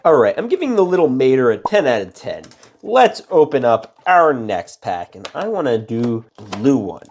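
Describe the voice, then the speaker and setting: Chatty excitable man building toys. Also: normal speed, faint music behind. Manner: chatty, excitable, jumps up in pitch. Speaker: toy unboxing host. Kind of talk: casual build commentary.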